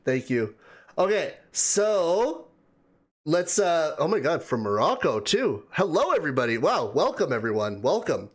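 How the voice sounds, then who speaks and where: Male livestream host, slow and easygoing, slightly high voice, reads comments aloud and laughs a lot. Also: big pitch swings. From Canada. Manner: chatty, laughs often, greets viewers one by one. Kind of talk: casual live chat reading viewer comments.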